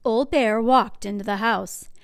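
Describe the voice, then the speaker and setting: A woman librarian reads a children's picture book aloud, clear and expressive as she tells the story. Her voice sits a little high. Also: unhurried, no echo, clean studio sound.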